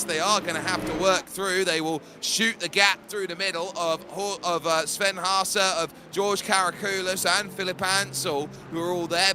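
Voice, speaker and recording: A man calling an online race as lead commentator, energetic and rapid-fire in his play-by-play. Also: high-pitched, background noise.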